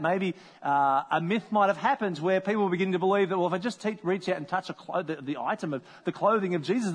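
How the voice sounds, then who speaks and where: A man with a high voice delivers a sermon in a conversational, storytelling way. His voice carries a long reverb, as if he is speaking in a large hall. He sometimes slips into the voices of the people in his story. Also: a bit bright. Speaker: pastor.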